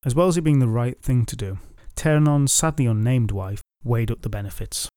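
Wry, mellow male storyteller. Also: mid-range voice, normal speed, hardly any pauses, dry recording, clean studio sound. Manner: wry, jokey asides. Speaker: storyteller and podcast host. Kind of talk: comic myth retelling.

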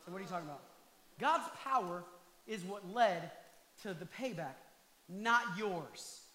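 A male pastor preaching a passionate sermon, at times rising to shouts and talking directly to the congregation. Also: high-pitched, lively intonation, normal speed, roomy sound.

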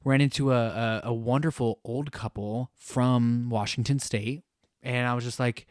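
A man gushes through a casual travel story on a podcast. His voice sits at a middle pitch and sounds dry and close to the mic. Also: fairly even intonation, normal speed, a little mellow, no echo. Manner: effusive, gushing storyteller. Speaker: podcast co-host.

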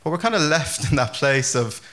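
Pastor, male, bright ringing tone, chatty loose delivery with lots of fillers. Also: a little high, normal speed. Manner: chatty, animated, many fillers and restarts. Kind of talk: casual conversational sermon.

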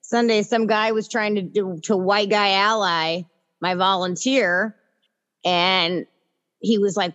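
A woman tells stories in a blunt, profane way. She talks casually as a guest in the conversation, and her voice sits at an ordinary middle pitch. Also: a little slow, fairly bright tone, dull audio. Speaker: guest, mutual aid organizer.

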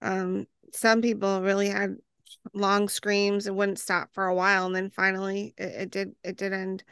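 A woman hosting an interview who reacts quickly and asks questions attentively. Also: mid-range voice, flat delivery, a bit bright, smooth, no room sound, studio quality. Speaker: host. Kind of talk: interview chat.

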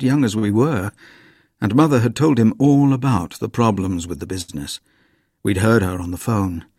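A man reading a ghost story aloud in measured, quietly dramatic scripted narration. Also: on the low side, breathy edge, no room sound, studio quality.

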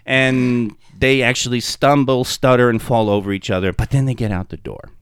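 A man's voice: medium pitch, normal speed, smooth, dry recording, studio quality. A man co-hosting a podcast, animatedly recounting a tabletop game session he ran as game master. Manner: animated storyteller.

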